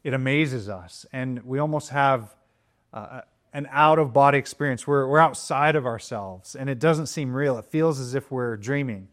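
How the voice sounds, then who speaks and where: Man preaching a lively sermon. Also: moderate pace. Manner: animated storytelling, jumps high for excited quotes. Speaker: pastor.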